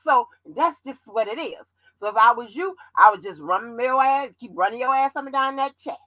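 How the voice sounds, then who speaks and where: Blunt, animated woman streamer. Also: on the high side, fairly quick, no echo, highs cut off. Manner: blunt, profane, animated storytelling. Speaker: channel host. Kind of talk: livestream commentary.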